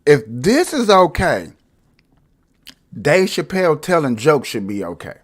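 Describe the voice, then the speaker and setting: A man hosting a casual live stream, addressing viewers directly in a loud, mocking way. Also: fairly high pitch, big pitch swings, a little slow.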